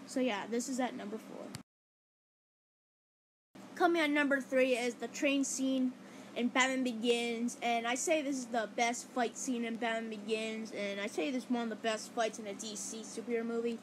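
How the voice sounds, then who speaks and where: A woman's voice: on the high side, steady tone, moderate pace, slight background noise, poor audio. A woman counting down her favourite movie fight scenes in a casual, rambling way, full of enthusiasm and fillers like "like". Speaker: movie reviewer.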